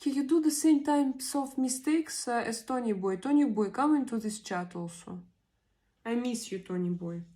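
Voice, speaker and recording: A warm, fairly high-pitched woman's voice belongs to a livestream host in her 40s whose native language is Russian. Reading out viewer comments in a casual stream, she falters and pauses many times while searching for English words.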